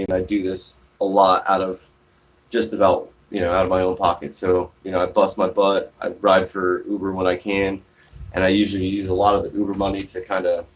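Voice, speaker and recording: A man live-streaming from his shaded porch, chatting casually and reading out viewer comments, rambling with many fillers and restarts. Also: deep voice. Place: outdoors on a shaded home porch.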